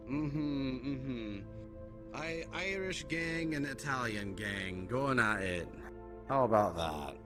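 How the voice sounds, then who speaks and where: A man roleplaying a gang leader on a live stream, questioning calmly and often murmuring agreement. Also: a little high. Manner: calm, probing, drawn-out murmured agreement. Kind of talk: in-character roleplay dialogue. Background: background music.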